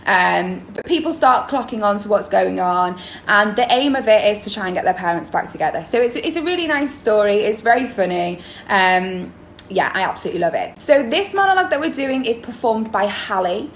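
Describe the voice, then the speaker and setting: A woman's voice: medium pitch, lively intonation, fairly quick. A woman drama teacher, explaining in a chatty video lesson with many ums. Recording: roomy echo, faint background noise.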